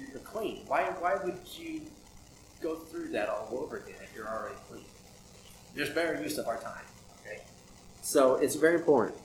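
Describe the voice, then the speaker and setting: A man preaching a sermon in a conversational way, asking many rhetorical questions. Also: medium pitch. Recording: echoey room with audible background noise.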